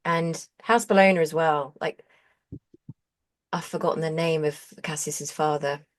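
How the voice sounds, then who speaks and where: A woman with a slightly low voice leads a relaxed conversation. She asks quick questions and chats easily. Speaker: voice actor and host. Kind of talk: casual conversation.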